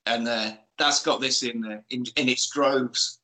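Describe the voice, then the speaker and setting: Male podcast host, bright and lively, comic storyteller type. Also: medium pitch, measured pace, low-quality recording. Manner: playful storyteller, acts out film lines in put-on voices. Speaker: podcast host recapping a film. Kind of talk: casual comedic film recap.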